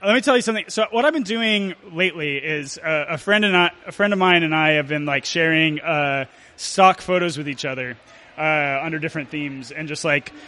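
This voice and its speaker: A man telling and reading a comic story at a live show, halting and full of fillers. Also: fairly high pitch, pushed and bright. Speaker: storyteller performer.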